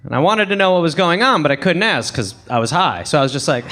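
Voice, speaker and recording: A young man from England doing a stand-up set on a club stage, animated storytelling with sudden high bursts and low asides. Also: fast talker. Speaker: stand-up comedian. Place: comedy club stage with audience.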